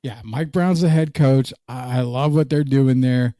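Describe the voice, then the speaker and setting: A relaxed man co-hosts a sports talk show in a loose, joking way. He reads viewer comments aloud between takes on the league. The sound is dry and close, with no room around it. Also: medium pitch, unhurried, no echo. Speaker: podcast co-host. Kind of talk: casual sports podcast chat.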